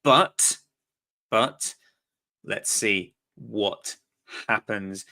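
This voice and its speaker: A man's voice: medium pitch, moderate pace, bright, forceful tone. A man from England hosting a casual football podcast, reading out listener comments with enthusiasm. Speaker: podcast host.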